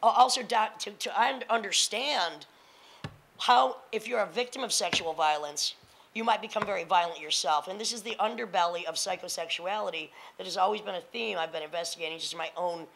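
A woman in her fifties with a gravelly, fry-laden voice and a hard, forceful edge. She talks bluntly and confrontationally, punching her points with profanity as a panelist in front of an audience. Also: mid-range voice, fairly quick, low-quality recording. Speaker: panelist and spoken word performer. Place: lecture hall panel with audience.

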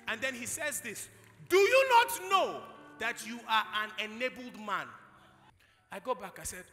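A young Nigerian man preaching a sermon at a conference, telling stories and acting out dialogue, rising to shouted preaching. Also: extremely high pitch, sing-song, normal speed, pauses often, in a large hall, faint music behind. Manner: storytelling, acts out dialogue, builds to shouted preaching. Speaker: pastor. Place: large hall, live conference.

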